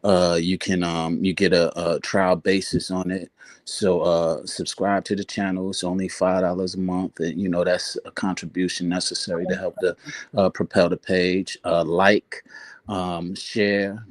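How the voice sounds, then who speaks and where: A man speaking as a panelist in a casual chat, measured and full of fillers. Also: low-pitched, level tone, no room sound. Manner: measured, thanking the host, many fillers.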